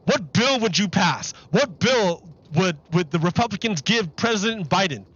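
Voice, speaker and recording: A man's voice: high-pitched, animated, moderate pace, fairly bright tone, husky, highs cut off. A man live-streaming commentary on a political interview, exasperated and repeating his questions over the clip.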